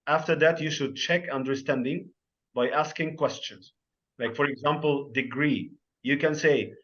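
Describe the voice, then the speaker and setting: A man's voice: on the high side, normal speed, fairly bright tone, dull audio. A man running an online teacher-training webinar, explaining terms through questions and examples. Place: video call.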